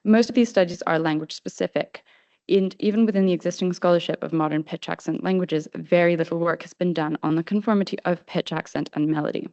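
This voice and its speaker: A woman presenting a paper at an academic conference, reading formal prose in a measured way. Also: fairly low pitch, a little mellow, no room sound. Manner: formal, measured delivery with brief slide-control asides. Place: conference hall. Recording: dull, slightly lo-fi sound.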